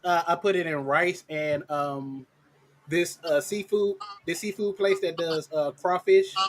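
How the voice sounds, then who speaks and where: Stammering man with a high voice. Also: steady tone, measured pace. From Alabama, US. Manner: stammering, repeats words. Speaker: co-host. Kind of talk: casual live-stream banter.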